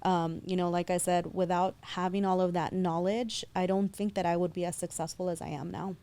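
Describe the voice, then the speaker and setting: A woman's voice: lowish voice, little pitch movement, fairly quick, dark tone, dry recording. A woman in her thirties from San Diego, a guest explaining her work in a confident, fluent way. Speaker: guest, loan officer. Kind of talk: casual interview.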